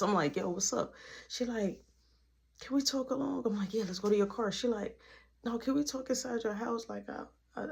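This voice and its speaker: A young man telling a casual storytime, animated and acting out every quote, sometimes dropping to a hushed voice. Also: high-pitched. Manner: drops to a hushed voice for tender moments.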